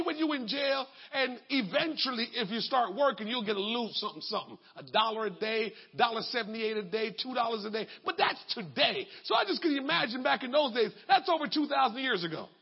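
High husky preacher, lively, emphatic, shouts, dull lo-fi recording. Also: male voice, brisk. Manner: emphatic, colloquial, bursts into shouting. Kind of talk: sermon.

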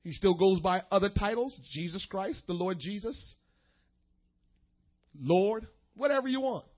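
High-voiced preacher man, dynamic sermon. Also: expressive, lo-fi sound. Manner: preaching with dynamic shifts, drawn-out emphasis and sudden shouts. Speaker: pastor.

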